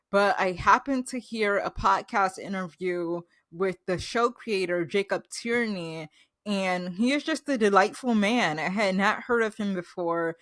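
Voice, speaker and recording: Woman host for a reaction vlog, mid-pitched, gushing and chatty, dry close sound. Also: a bit bright, no room sound. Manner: gushing and enthusiastic, chatty with fillers. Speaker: reaction vlogger. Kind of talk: casual reaction recap.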